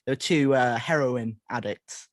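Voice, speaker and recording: A man's voice: mid-range voice, unhurried, no echo, studio quality. A young man from England, a podcast guest, talking eagerly in casual chat. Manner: enthusiastic, fillers and restarts.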